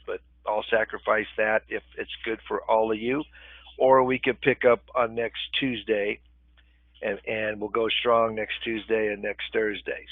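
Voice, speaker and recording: Older guy with a gravelly voice teaching a webinar over what sounds like a phone line, chatty, keeps saying okay, dry sound. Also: fairly low pitch, no room sound. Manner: conversational, often checks in with "okay?". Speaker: real estate webinar instructor.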